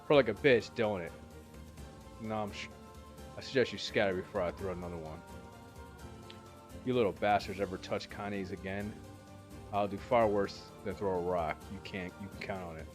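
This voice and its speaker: A man playing a fierce, gruff old grandmother. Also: lowish voice, moderate pace, faint music behind, close to an everyday voice. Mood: enraged. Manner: gruff, scolding.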